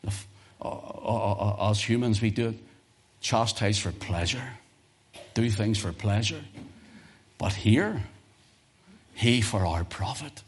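A man preaching a sermon as pastor, emphatic, swinging from loud exhortation to near whispers. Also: lowish voice, animated, takes it slowly, long pauses, breathy edge.

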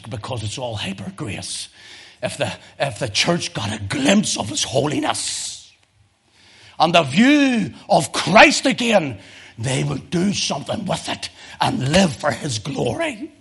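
Preacher, male, high-pitched, fervent sermon delivery with big swings in volume. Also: very animated, a little slow, vocal fry, slightly rough. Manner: swings from loud emotional crescendos to low intense tones.

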